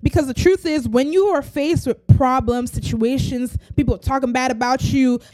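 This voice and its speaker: A woman's voice: high-pitched, normal speed, a little mellow, no echo. A woman hosting a podcast, giving an earnest, preachy motivational faith talk and acting out quoted voices. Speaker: podcast host.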